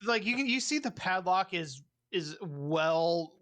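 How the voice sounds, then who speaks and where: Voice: medium pitch, lively intonation, a little slow, fairly bright tone. A game master running a streamed tabletop game, laughing often and teasing the players.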